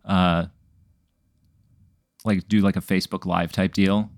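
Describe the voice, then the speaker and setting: Brief: deep, gravelly male host, rambling and halting, dry close sound. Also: flat delivery, dry recording. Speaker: host posing hypotheticals. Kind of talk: casual podcast chat.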